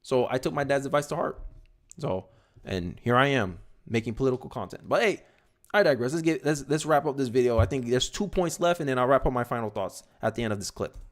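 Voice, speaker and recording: A young man giving casual, animated political commentary on his own livestream, with quick asides and repeated words when he gets going. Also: medium pitch.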